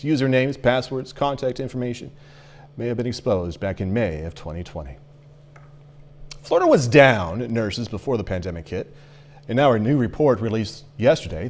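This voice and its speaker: A male news anchor reads the evening headlines with a lively, animated voice. He jumps up and down in pitch as he moves through the stories, and he tosses in playful asides between items. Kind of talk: evening newscast reading.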